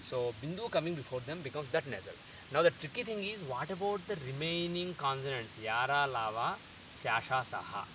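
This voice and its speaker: A man teaching pronunciation in a methodical lecture, repeating sounds slowly to show them. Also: mid-range voice, animated, bright, forceful tone. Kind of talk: explanatory lecture. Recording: distant mic with faint hiss.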